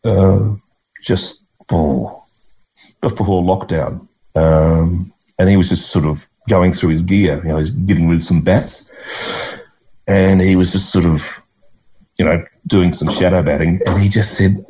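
A man's voice: sits low, steady tone, measured pace, dark tone. A middle-aged Australian man, a guest in an interview, telling heartfelt, rambling stories full of restarts. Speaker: guest, actor and writer. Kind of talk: reflective conversational interview.

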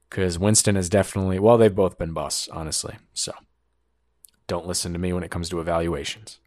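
Male sports talker, deep voice, joking and opinionated, dry close sound. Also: little pitch movement, a little mellow, no room sound. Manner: fast riffing, joking asides, opinionated. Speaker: sports commentator. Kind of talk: casual sports talk.

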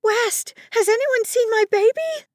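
Woman putting on a frantic mom, shrill screechy yelling, way up high. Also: a little slow, no echo, clean studio sound. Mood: panicked. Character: frantic young mother screaming for her son.

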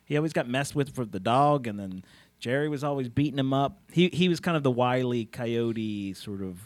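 A man's voice: medium pitch, animated, fairly quick, no room sound. A man co-hosting a comedy podcast in casual chat, silly and laughing, often stammering and restarting his sentences. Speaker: podcast co-host.

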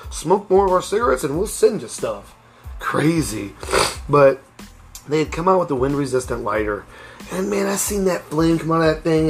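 A man's voice: mid-range voice, fairly bright tone. A middle-aged man hosting a casual storytelling podcast, speaking candidly and rambling with frequent restarts. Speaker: podcast host.

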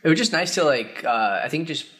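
A young man co-hosting a podcast, chatting casually with friends in a rambling way full of pauses and filler words. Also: fairly high pitch, expressive, sharp tone. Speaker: podcast co-host. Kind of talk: casual chat among friends.

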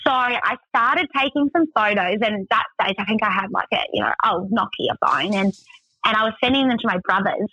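A woman's voice: mid-range voice, animated, fairly quick, sharp tone, dry recording, poor audio. An Australian woman telling a story as a guest in casual chat, full of "like" fillers. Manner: chatty, many "like" fillers.

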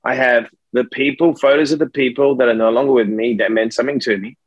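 A middle-aged man talking in a casual podcast conversation, emphatic and profane, telling stories with animated energy. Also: mid-range voice, fast, no echo, dull audio.

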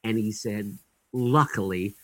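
A man's voice: lowish voice, measured pace, fairly bright tone, no room sound, rough recording. Wry, chatty man telling stories. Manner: chatty, wry, with many fillers and restarts; dry comic timing, chuckling at his own punchlines. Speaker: actor guest. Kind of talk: anecdotal storytelling in an interview.

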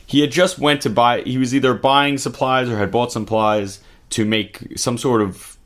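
A man's voice: mid-range voice, steady tone, moderate pace, fairly bright tone. A man giving blunt, profane political commentary in casual chat, co-hosting a talk video.

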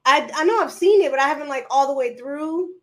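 A woman's voice: high voice, brisk, fairly bright tone. A woman entrepreneur talking as a podcast guest, easygoing and thoughtful in casual conversation.

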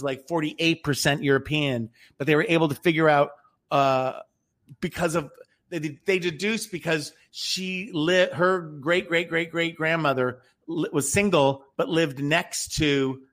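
A man's voice: a little high, fairly bright tone. A man in casual chat, telling a story in a rambling way with many restarts and fillers.

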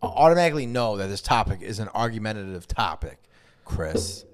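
A man's voice: on the low side, animated, a little fast, clean tone. A man co-hosting a podcast, tipsy and talking in rowdy, swearing banter. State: drunk. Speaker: podcast co-host. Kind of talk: casual chat.

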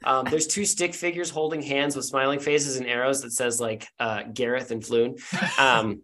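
A man narrating as game master in a loose, casual way, with halting speech full of fillers. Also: mid-range voice, fairly even intonation, fairly bright tone.

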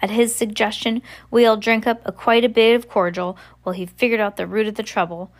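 A hoarse, hostile islander woman from a storybook, sick from poison and full of blame, as the reader voices her. Her voice has a rough, worn edge. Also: on the high side, level tone, fairly quick, natural voice.

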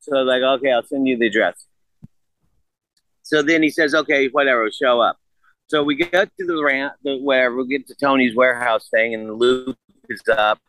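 A man in his sixties telling a story in casual chat, animated and profane, acting out what others said. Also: mid-range voice, no echo, poor audio. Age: 60s. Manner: animated, profane, acts out quotes.

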